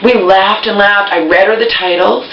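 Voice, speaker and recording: A woman's voice: medium pitch, steady tone, moderate pace, slight background noise. A woman vlogger telling a rambling story, chatty and digressive, swearing casually and checking in with "okay?". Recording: echoey muffled room audio from a distant mic.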